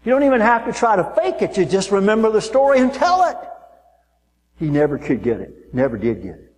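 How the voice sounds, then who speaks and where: A man preaching a sermon, telling stories and acting out people in raised voices. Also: fairly quick. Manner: animated storytelling, mimics people in high voices. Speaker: pastor. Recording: long reverb of a large hall.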